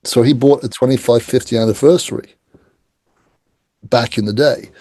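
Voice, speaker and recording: A middle-aged man telling stories in a casual interview, animated and acting out the voices of people he quotes. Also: mid-range voice, normal speed, dry recording. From England. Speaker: guest.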